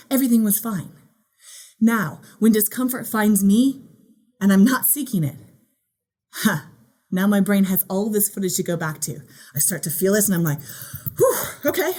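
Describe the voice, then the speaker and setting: A woman giving a motivational keynote talk in a playful, animated way, acting out the voice in her head. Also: medium pitch. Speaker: keynote speaker.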